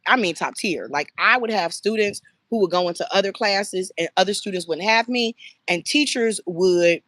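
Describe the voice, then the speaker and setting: A woman's voice: medium pitch, no echo. A woman who runs a child care center, speaking casually and emphatically, acting out bits of conversation. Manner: emphatic, animated storytelling with acted quotes. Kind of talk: casual talk to camera.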